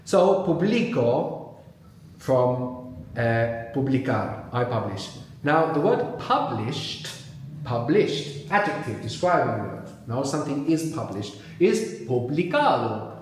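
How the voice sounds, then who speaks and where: A man leads a live language workshop in a very echoey hall, his voice bouncing around the room. He is animated, drawing words out slowly and repeating them so they sink in. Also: medium pitch, a little hiss or hum. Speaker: language teacher. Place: large echoey venue with live audience.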